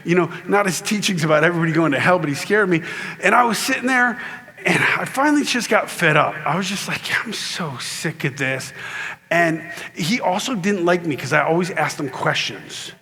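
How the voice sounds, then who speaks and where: A high, bright-voiced man tells a funny story from a conference stage. He jumps into other people's voices, swings his pitch up and down, and laughs his way through the lines. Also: brisk. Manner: animated, acts out voices, laughs often. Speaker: conference keynote speaker. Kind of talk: comedic storytelling sermon. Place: large conference hall.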